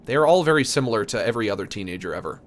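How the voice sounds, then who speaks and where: A man's voice: lowish voice, lively intonation, racing. A man hosting a let's play, making joking, chatty asides about the game. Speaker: host.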